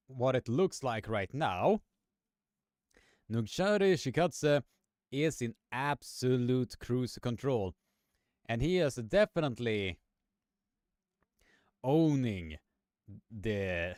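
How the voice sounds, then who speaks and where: A young man calls arm wrestling matches live in a slow, unhurried way. His voice sounds smooth and clear, recorded close and dry with no room sound. He stumbles through fillers and restarts and goes higher when the pulls get intense. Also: lively intonation, a little mellow, dry recording. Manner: halting, many fillers and restarts, rises in pitch on the action. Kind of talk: live sports commentary with chat.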